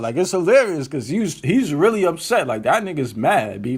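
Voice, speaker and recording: A man hosting his own web talk show, ranting in an animated, incredulous, slangy and profane way. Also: a little high, normal speed, few pauses. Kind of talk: casual solo commentary rant.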